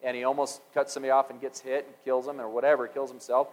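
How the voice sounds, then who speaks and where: A man's voice: mid-range voice, level tone, fast, rough recording. A man telling a story in a sermon, acting out the dialogue as he goes.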